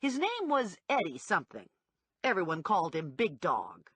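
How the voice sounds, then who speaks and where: Lively woman narrating an audiobook. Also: lowish voice, moderate pace, husky, no echo. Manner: lively, wide-ranging delivery with acted character voices. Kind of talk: scripted first-person audiobook narration.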